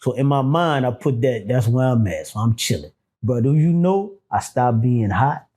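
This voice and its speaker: A man telling prison stories in a casual interview, animated and profane, acting out quotes. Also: mid-range voice, moderate pace. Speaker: guest, former prisoner.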